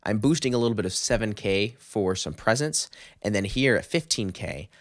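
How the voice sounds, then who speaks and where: Tutorial host, male, low-ish voice, upbeat step-by-step explainer, dry close mic. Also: expressive, moderate pace, no echo. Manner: upbeat, explanatory, walks through settings step by step. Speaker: mixing engineer teaching a tutorial. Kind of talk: screen-recorded music production tutorial.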